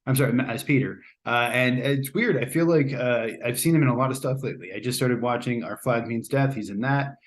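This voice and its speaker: A man's voice: medium pitch, brisk, hardly any pauses. A man hosting a casual spoken movie review, chatty and rambling, often hedging and restarting his sentences. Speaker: host.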